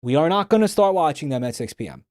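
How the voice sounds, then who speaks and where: A man's voice: a little high, sing-song, fast, a little mellow, no echo, clean studio sound. Profane joking male streamer. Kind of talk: casual live-stream chat.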